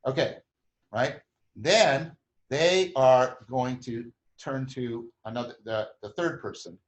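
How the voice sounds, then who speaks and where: A male host with a mid-range voice speaks slowly, explaining a group process at length with many restarts and frequent tag questions. The recording has its highs cut off.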